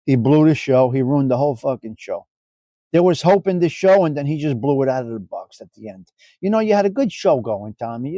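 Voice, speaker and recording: A man's voice: fairly high pitch, expressive, normal speed, dark tone, no room sound, studio quality. Profane joking man hosting a live stream. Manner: loose, profane, joking banter. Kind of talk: casual chat with live chat viewers.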